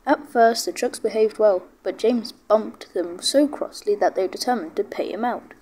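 A woman reading a children's train story aloud, expressive and voicing every character herself. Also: mid-range voice, normal speed, breathy edge. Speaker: storybook narrator.

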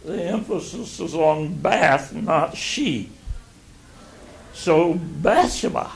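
An older man teaching a Bible lesson, reading scripture aloud and explaining it in a slow, halting way. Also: fairly high pitch, creaky.

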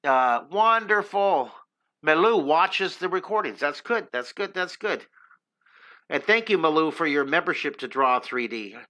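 A man's voice: a little high, expressive, normal speed, pushed and bright. A middle-aged man hosting a live drawing lesson, chatting upbeat and encouraging with his viewers as he draws. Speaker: drawing teacher and host.

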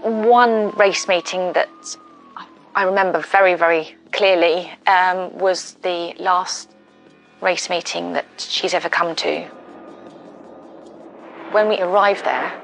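A woman, a friend of the accused, recalling events slowly and emotionally in a documentary interview. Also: on the low side, gravelly, fairly bright tone, soft background music, poor audio. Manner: slow, emotional recollection.

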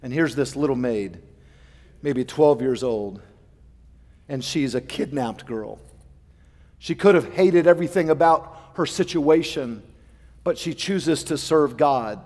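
A male pastor preaching a sermon, fervent and with dramatic swings between soft and loud. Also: medium pitch, slow, long pauses. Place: large church sanctuary. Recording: long church reverb.

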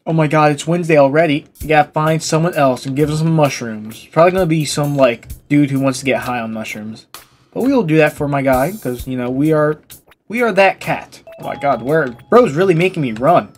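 A woman's voice: sits low, animated, a little fast, darkish tone, faint music behind. A woman giving gameplay commentary in a crude, joking, self-mocking way. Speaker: gaming video creator.

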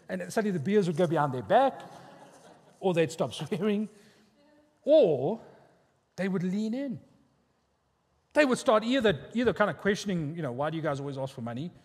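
A man's voice: sits high, breathy edge. South African man preaching in a hall. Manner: conversational storytelling with quoted voices. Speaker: pastor. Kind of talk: sermon. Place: church hall. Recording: long hall reverb.

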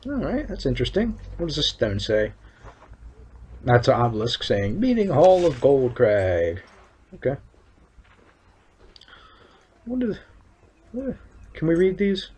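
A man's voice: medium pitch, huge pitch swings, measured pace, long pauses, darkish tone, a little hiss or hum. A man giving casual commentary while playing a game, hesitant and thinking aloud with many fillers. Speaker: let's play gamer.

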